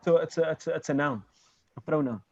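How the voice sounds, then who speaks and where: A man's voice: on the high side, quick pace. A man teaching an online Arabic class, explaining step by step and checking that his students follow. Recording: dull, lo-fi video call audio.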